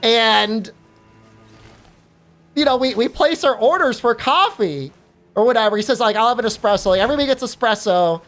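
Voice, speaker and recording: A woman streamer chatting casually while gaming, telling an animated story with lots of fillers and free swearing. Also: fairly high pitch, moderate pace, pauses often, faint music behind.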